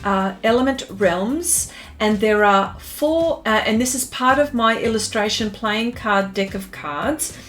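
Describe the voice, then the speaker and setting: A woman's voice: medium pitch, measured pace, a bit bright. An Australian woman hosting an art live stream in bubbly, casual chat, full of fillers and giggly greetings.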